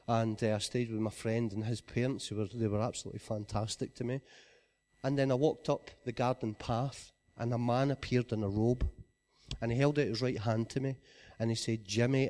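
A man with a Scottish accent giving an earnest personal testimony, often dropping to a quiet voice. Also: medium pitch.

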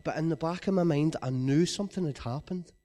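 A man's voice: a little high, fairly quick. Earnest Scottish man telling his story. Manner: earnest storytelling, often falls quiet. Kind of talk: personal testimony.

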